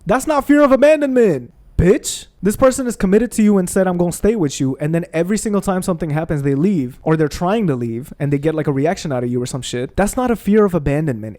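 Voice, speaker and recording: Young man ranting profanely, higher voice. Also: mellow. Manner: profane, heated venting. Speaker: gaming video creator. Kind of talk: casual rant while playing a video game.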